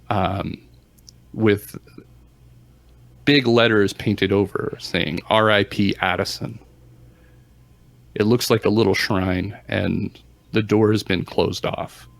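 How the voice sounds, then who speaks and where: Slow, low-voiced male game master. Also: creaky, no echo. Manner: unhurried, measured, with fillers. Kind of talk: narrating a tabletop game.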